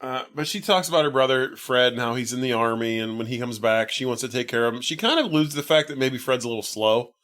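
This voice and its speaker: A man co-hosting a podcast, casually retelling a film plot with lots of fillers and pitching up when he quotes characters. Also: fast talker, hardly any pauses, fairly bright tone. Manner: rambling, filler-heavy retelling, lifts his pitch for quoted lines. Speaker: podcast co-host. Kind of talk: casual movie recap chat.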